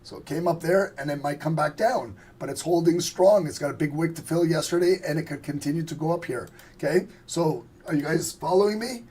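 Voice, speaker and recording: A hoarse man as a trading instructor, casually walking viewers through price charts on a live stream, profane and checking they follow along. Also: on the high side, fairly quick, hardly any pauses, a little mellow.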